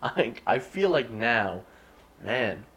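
A man's voice: medium pitch, big pitch swings, slow, fairly bright tone, slightly rough. A man co-hosting a podcast while drunk, rambling casually with plenty of swearing. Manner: rambling and profane. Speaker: podcast co-host. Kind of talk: casual chat.

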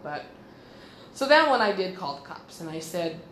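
A woman's voice: on the low side, sing-song, normal speed, fairly bright tone, roomy sound, a little hiss or hum, rough recording. A woman hosting a podcast, telling a story in a blunt, profane and sarcastic way. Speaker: podcast host. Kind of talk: casual storytelling monologue.

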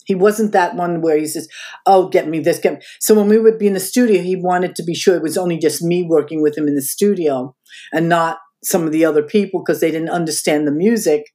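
Her voice is on the low side and fairly quick as she, an older woman guest on a podcast, recounts past events. She's animated throughout the interview, imitating the voices of those she quotes.

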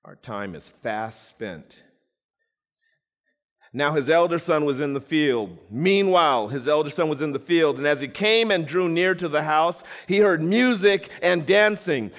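Dramatic storytelling preacher, slow and animated, echoing hall. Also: male voice, a little high. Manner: dramatic storytelling, jokes with the congregation. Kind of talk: sermon. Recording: echoey hall.

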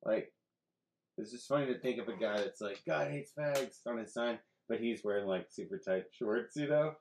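A man's voice: medium pitch, normal speed, a little mellow, a little hiss or hum. Male comedy podcaster, wisecracking, crude, keeps interrupting. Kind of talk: casual comedy podcast chat.

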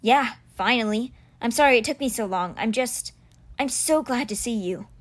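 A woman's voice: normal speed, natural voice. A woman voicing a grief-stricken teenage boy mage, speaking in a raised, strained voice in a storybook reading. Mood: distressed. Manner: higher, shaky and strained.

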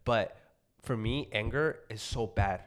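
A young man from Mexico co-hosting a podcast, chatting casually, profane and animated, with joking outbursts. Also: lowish voice, measured pace. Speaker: podcast co-host. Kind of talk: casual chat.

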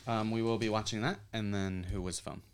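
A man co-hosting a podcast in casual chat, playful with very animated reactions. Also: on the low side, a little fast, slight background noise. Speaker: podcast co-host.

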